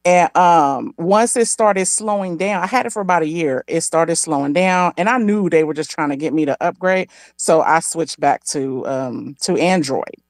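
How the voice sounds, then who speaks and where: A woman chatting casually, telling stories and jumping into high quoted voices. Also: moderate pace, few pauses, no echo, studio quality. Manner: animated storyteller, jumps into high-pitched quoted voices. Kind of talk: casual chat.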